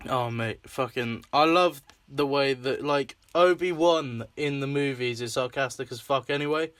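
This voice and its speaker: A man's voice: mid-range voice, moderate pace, fairly bright tone, smooth, dry recording. A young man hosting a casual chat, laughing often, swearing freely and acting out scenes in little voices. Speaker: host.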